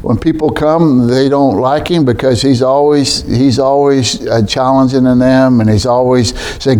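A middle-aged man preaching in an unhurried, homespun way. His voice sits at an ordinary male pitch, and he keeps returning to rhetorical questions as he talks to the congregation. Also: a little mellow. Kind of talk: sermon.

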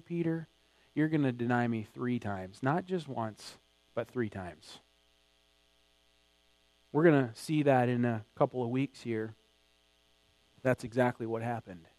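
A man preaching a sermon, emphatic, building to loud acted quotes. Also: medium pitch, no echo. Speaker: pastor.

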